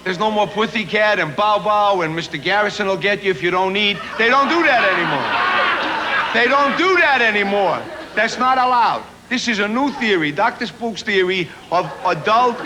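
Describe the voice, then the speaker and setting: A middle-aged man doing a chatty, self-mocking stand-up comedy monologue built on punchlines. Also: high-pitched. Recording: noisy old 1970s TV recording.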